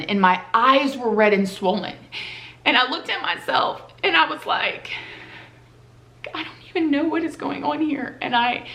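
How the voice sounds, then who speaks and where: A woman's voice: fairly high pitch, bright, forceful tone. A woman telling a personal story on her vlog in a casual, heartfelt, conversational way. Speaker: vlogger. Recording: roomy echoey room.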